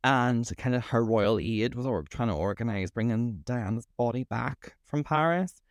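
A podcast co-host rants in casual, sweary chat, telling stories in an animated way. His mid-range voice moves at a moderate pace, and the recording is clean studio sound with no echo.

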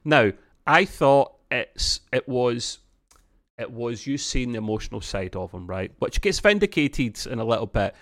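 A man's voice: medium pitch, animated, unhurried, a bit bright. Rambling man co-hosting a review chat. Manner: rambling, full of restarts and fillers, laughs often. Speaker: podcast co-host reviewing a TV episode.

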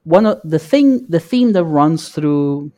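Explaining podcast man, slightly high voice. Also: lively intonation, warm tone. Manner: measured and explanatory. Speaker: podcast co-host. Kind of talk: casual chat.

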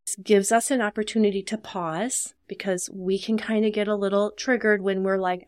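A woman's voice: medium pitch, steady tone, normal speed, darkish tone, dry recording, studio quality. A woman with an Upper Midwest American accent, a dementia care professional, earnestly explaining caregiving tips in a podcast interview and acting out short example dialogues. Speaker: dementia care business owner and social worker.

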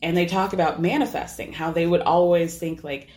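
A woman's voice: on the low side, fairly quick. Chatty young woman recapping a show. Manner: animated storytelling with voiced asides. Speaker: podcast host. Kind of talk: casual recap chat.

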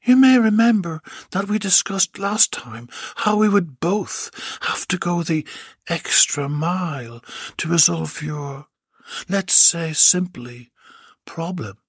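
A man's voice: fairly high pitch, takes it slowly, husky, dry recording, clean studio sound, pitched above the performer's own voice, full character voice. A man voicing a commanding, seductive woman doctor in an audiobook reading, in a coaxing, theatrical manner.

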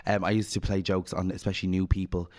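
Guy cohosting, kinda low voice, gossipy, swears a lot, acts out the quotes. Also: flat delivery, fast talker, darkish tone. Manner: chatty storyteller, swears freely, acts out quotes. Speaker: podcast co-host. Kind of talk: casual chat.

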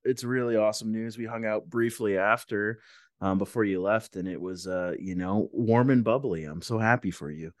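Low-voiced joking man, dry sound. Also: moderate pace, no room sound. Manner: friendly, joking banter. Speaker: podcast co-host. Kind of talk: casual chat. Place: at home, remote call.

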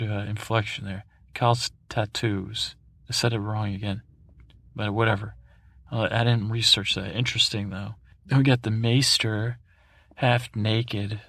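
A man's voice: on the low side, vocal fry, fairly bright tone, no room sound, studio quality. A man hosting a sleep podcast, recapping in a meandering, digressive way full of fillers and restarts. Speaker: podcast host.

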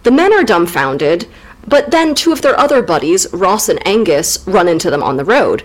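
A woman's voice: fairly low pitch, big pitch swings, normal speed, rough recording. A woman co-hosting a comedic literature recap, irreverent and playful, swearing and slipping into mock voices. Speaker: podcast co-host.

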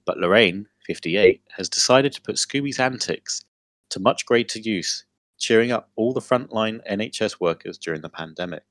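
A man's voice: lowish voice, normal speed, no echo, studio quality. A young man co-hosting a podcast, reading a funny news story aloud in casual chat and often breaking into laughter. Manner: giggly, breaks into loud laughter while reading. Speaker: podcast co-host.

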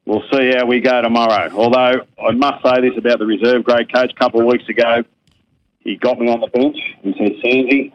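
An Australian man calling in as a regular guest, spinning easygoing, self-mocking yarns. His voice sits at a middling pitch and comes through a phone line. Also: level tone, a little fast. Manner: laid-back, self-deprecating yarn-spinner. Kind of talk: casual storytelling.

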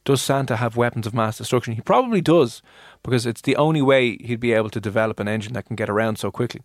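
A man co-hosts a radio podcast with a teasing, jokey manner. His voice sits at an ordinary mid pitch, recorded close and dry in the studio. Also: fast, no echo. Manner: joking, teasing, mock-ranting. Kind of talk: casual banter and interviewing.

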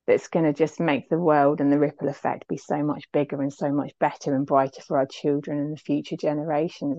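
A woman's voice: sits low, warm tone, no echo, muffled recording. A woman, telling a personal story as an interview guest, heartfelt and reflective.

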